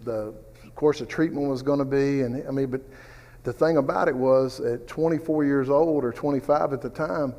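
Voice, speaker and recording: A man's voice: medium pitch, moderate pace, mellow, in a large hall. A man teaching a conversational Bible study class, rambling through personal stories and asides. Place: church classroom.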